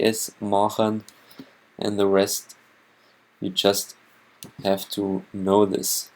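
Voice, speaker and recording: A man with a Bavarian accent, teaching a language lesson in a slow, careful, word-by-word way. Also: lowish voice, a little mellow, poor audio. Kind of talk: scripted lesson narration.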